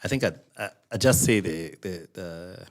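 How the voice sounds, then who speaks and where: A man's voice: low voice, normal speed. A Kenyan man, an author and talk-show guest, chatting casually in a mix of English and Swahili. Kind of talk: casual chat.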